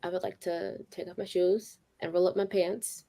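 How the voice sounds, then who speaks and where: A woman player in a tabletop game, playful and quick to laugh. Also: lowish voice, fairly even intonation, gravelly, warm tone.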